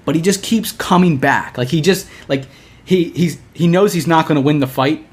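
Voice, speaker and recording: A young man co-hosting a podcast, telling a long story in casual chat, animated, restarting often and acting out the lines he quotes. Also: a little high, moderate pace, slightly rough. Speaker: podcast co-host.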